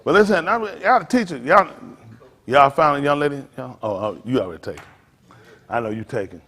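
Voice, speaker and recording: Animated joking preacher man, lively pitch. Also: brisk. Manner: animated, teasing, talks straight to the crowd. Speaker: pastor. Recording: long hall reverb.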